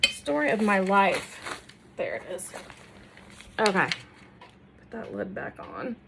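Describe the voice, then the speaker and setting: A woman's voice: mid-range voice, wildly swooping pitch, slow, vocal fry, noisy background. A middle-aged woman chatting casually while she paints and works in her home workroom, self-deprecating and talking to the camera as she goes. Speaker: furniture makeover creator. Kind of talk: casual DIY tutorial chat.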